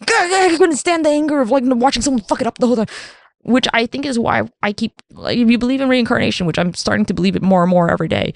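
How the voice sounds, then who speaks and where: Profane, rambling woman podcaster with gravelly voice. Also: on the high side, fast talker, no room sound, clean studio sound. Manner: rambling, profane, animated, acts out quoted voices. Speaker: podcast host. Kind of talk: casual solo podcast monologue.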